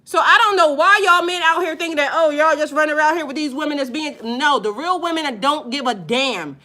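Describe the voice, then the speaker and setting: A woman's voice: sits high, a little fast, bright, forceful tone. A woman who works as a spiritual life coach, talking casually and bluntly to viewers, emphatic and profane, stretching out her stressed words. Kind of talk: casual unscripted video talk to viewers.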